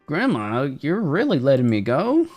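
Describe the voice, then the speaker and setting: A man's voice: on the high side, huge pitch swings, normal speed, darkish tone, faint music behind, pitched above the performer's own voice. A man voicing Ringo, an earnest young hero who speaks with emotion, while playing through a game. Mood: pleading.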